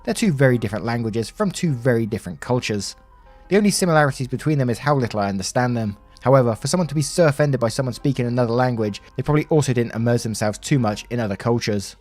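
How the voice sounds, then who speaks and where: A man's voice: mid-range voice, expressive, quick pace, darkish tone. A man reading online stories aloud, in a conversational tone with wry asides. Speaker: story narrator. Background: faint background music.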